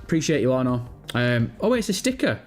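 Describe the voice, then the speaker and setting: A man's voice: mid-range voice, sing-song, fast. A man hosting a live stream, casually chatting and reading out viewer messages with self-mocking, sweary banter. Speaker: livestream host.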